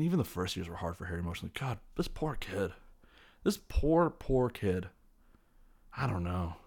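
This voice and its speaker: A man's voice: low-pitched, creaky, a little mellow. A man giving a casual, rambling, jokey recap of a film scene by scene, with lots of fillers. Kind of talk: casual movie recap commentary.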